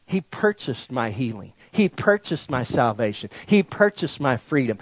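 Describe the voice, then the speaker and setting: A man preaching a sermon to a congregation, folksy and animated, swinging from near-shouts down to soft, low lines. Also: normal speed, few pauses, dry recording, rough recording. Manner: folksy, addresses the congregation directly. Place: church in front of a congregation.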